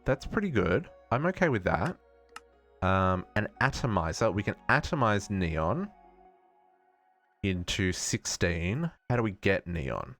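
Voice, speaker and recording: Over soft background music, an Australian man plays a modded game on a live stream, chatting casually with viewers while thinking out loud and correcting himself. He speaks unhurriedly in a lowish, sing-song, fairly bright voice.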